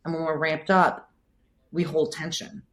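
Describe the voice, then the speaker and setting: A woman physical therapist and coach, talking through her thinking in a relaxed podcast interview, filling her speech with "like.". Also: sits low, measured pace. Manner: thoughtful, explanatory, frequent "like" fillers.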